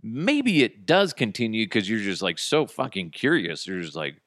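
A man hosts a podcast with a fairly deep voice that jumps up and down in pitch as he tells stories. He talks casually, swears often and acts out people's lines in put-on voices. The sound is dry and close to the mic. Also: moderate pace, few pauses, no room sound. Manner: profane, animated storytelling with put-on voices. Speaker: podcast host. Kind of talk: casual solo monologue.

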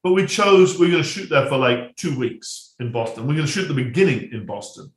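A man's voice: mid-range voice, sing-song, fairly quick. Rambling male director, roomy sound. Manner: rambling, many restarts and asides, laughs at own jokes. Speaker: film director guest. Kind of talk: casual anecdote-telling.

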